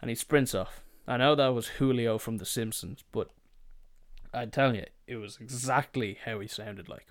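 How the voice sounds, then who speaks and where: Young man, casual storyteller, swears a lot, mid-pitched, dry close recording. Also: moderate pace, no echo. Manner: swearing, rambling, quoting family members. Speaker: podcast host.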